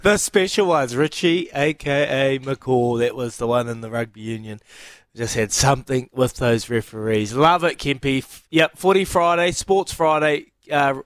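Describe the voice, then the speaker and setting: A man's voice: mid-range voice, fairly even intonation, normal speed, a bit bright, no room sound. A man hosting breakfast radio, upbeat and promotional. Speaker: radio host. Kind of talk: casual breakfast radio banter.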